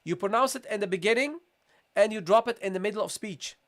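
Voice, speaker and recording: A man teaching a live online recitation lesson, patiently repeating questions to viewers and modelling sounds slowly. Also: high-pitched.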